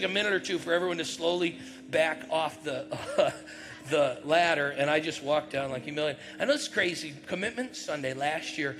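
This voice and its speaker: A middle-aged man preaching a conversational sermon, telling a personal story and acting out the voices in it, with loud bursts now and then. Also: on the high side. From northern New York. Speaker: pastor.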